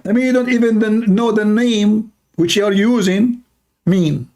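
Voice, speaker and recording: A man's voice: high-pitched, fairly even intonation, measured pace, darkish tone. A man hosting an online talk show, arguing in a sarcastic tone and firing off rhetorical questions. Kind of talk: argumentative commentary.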